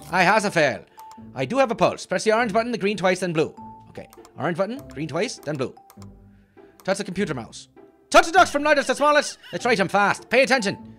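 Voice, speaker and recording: A clumsy, hot-tempered cartoon leprechaun with a lilt, acted out by a man, bragging and grumbling as he plays a game. His pitch swings wildly from low mutters to high squeals. Faint music plays behind him. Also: big pitch swings, fairly bright tone. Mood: excitable. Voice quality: boastful, bouncy, quick to get annoyed. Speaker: let's-play host. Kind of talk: cartoon character game commentary.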